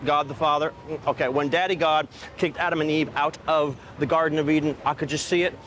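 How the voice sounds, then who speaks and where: A man performing a dramatic film monologue as a weary, wistful gay storyteller, swinging from fervent outbursts to hushed confessions. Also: on the high side, steady tone, fairly quick, a little hiss or hum, lightly acted. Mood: mocking.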